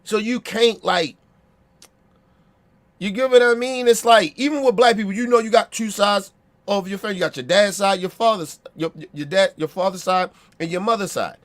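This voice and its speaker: Baltimore dude ranting, high voice, blunt and cussing a lot, keeps asking you get what i mean. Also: male voice, normal speed. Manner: blunt, profane, repeats himself and asks for agreement. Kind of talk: casual opinion rant.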